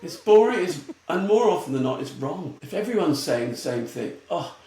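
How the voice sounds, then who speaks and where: Big pitch swings mark this English man's fairly high, dark-toned voice, delivered at a moderate pace. He's a retail futurist guesting on a storytelling interview podcast, blunt and animated and quick to laugh, heard in an echoey room with faint noise.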